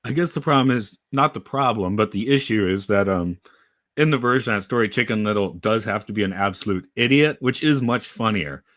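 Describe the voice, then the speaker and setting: A man co-hosting a podcast, musing hesitantly about old animated films with many fillers. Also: on the low side, fairly quick, no room sound, clean studio sound. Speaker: podcast co-host. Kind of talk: casual discussion.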